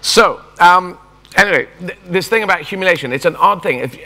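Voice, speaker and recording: A man's voice: high-pitched, lively intonation, a little fast, bright, forceful tone. A man in his fifties giving a rambling, self-mocking stand-up keynote at a conference. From England. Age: 50s. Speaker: guest speaker. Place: large conference hall. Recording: long reverb of a big hall.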